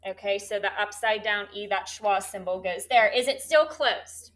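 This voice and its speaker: A woman with a mid-range voice, speaking at normal speed, teaches a third grade class in a classroom. She leads call-and-response phonics drills, asking animated, coaxing questions.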